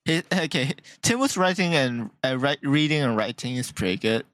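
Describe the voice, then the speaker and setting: A man's voice: medium pitch, lively intonation, fairly bright tone, dry recording. A man in a casual, joking chat with friends, laughing often. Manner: joking, laughs often, slow drawn-out phrasing. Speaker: podcast co-host.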